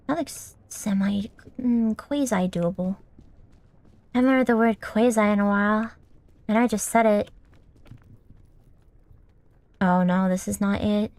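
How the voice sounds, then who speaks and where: A woman's voice: on the high side, lively intonation, unhurried, long pauses, dry recording. A young woman streamer giving casual gameplay commentary, swearing often and scolding the game character.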